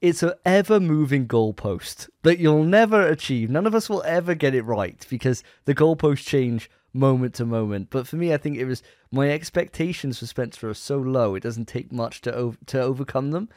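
A man's voice: mid-range voice, expressive, normal speed, hardly any pauses, darkish tone, no echo. Playful man with a dry, close sound. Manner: playful, teasing judge who stumbles over words. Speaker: podcast co-host. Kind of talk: casual banter among friends.

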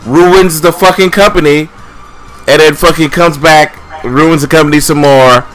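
A man's voice: a little high, steady tone, measured pace, fairly bright tone, soft background music. A man ranting angrily on a casual podcast, swearing often as he complains. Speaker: podcast co-host.

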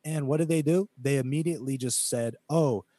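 A man's voice: mid-range voice, a little fast, mellow, dry recording. A man from the United States co-hosting a podcast, talking emphatically in a preachy way and quoting scripture. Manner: emphatic, preachy, quotes scripture, mocks critics in quoted voices. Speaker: podcast co-host. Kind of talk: casual podcast talk, preaching tone.

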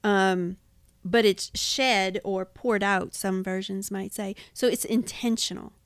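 Woman cohost on a bible podcast, fry in her voice, explains stuff simply. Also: mid-range voice, steady tone, slow, dry recording. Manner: explains symbols plainly, homely words. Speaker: podcast co-host. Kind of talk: casual Bible study chat.

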